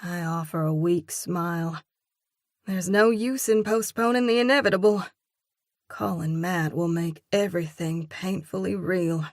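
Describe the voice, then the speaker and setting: Woman narrator, slow measured reading, lowish voice, dry close sound. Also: dry recording. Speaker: audiobook narrator. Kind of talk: first-person audiobook narration.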